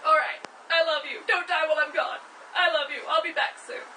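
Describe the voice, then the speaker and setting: A big, hearty young hunter, simple-minded and eager, talking loudly and fondly, as a woman plays him. The sound is bright, a little distant from the mic, with faint room noise. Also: high voice, fast, pitched above the performer's own voice. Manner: eager, loud, affectionate.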